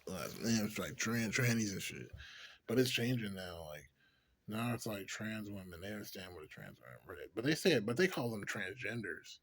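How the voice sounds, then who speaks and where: A man's voice: lowish voice, big pitch swings, moderate pace, a bit bright, husky. A man talking to camera in a casual, rambling vlog monologue, swearing freely and filling his talk with "like". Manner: profane, rambling, heavy use of "like"; laughs often between thoughts. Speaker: vlogger.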